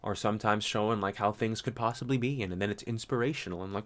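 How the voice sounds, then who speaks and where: A man's voice: lowish voice, fast talker, hardly any pauses, a bit bright. A young man talking in a casual, rambling monologue. He swears often, uses slang, and breaks into mocking impressions. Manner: loose and profane, slangy, jumps into mocking impressions.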